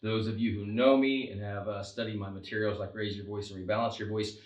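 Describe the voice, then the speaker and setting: A man working as a vocal coach, talking singers through warm-up exercises in an energetic, coaching manner. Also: lowish voice, brisk, dull audio. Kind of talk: instructional video demonstration. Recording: roomy echo.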